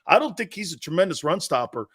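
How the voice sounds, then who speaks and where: A man's voice: on the high side, big pitch swings, fast, fairly bright tone, husky. A man hosting a sports talk show, blunt and brash, trash-talking callers and hammering his points home with a repeated "Okay?".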